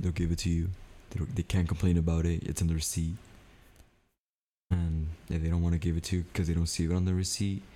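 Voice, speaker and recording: A young man with a low, mellow voice tells a story on his podcast. He swears freely and acts out the argument with animated energy. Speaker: podcast co-host. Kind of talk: casual chat.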